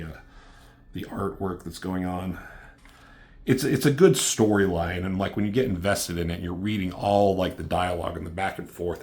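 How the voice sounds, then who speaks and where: A man with a notably low voice talks through a comic book review in a loose, rambling way. He leans on fillers and drops casual swears as he sums up the story. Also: darkish tone.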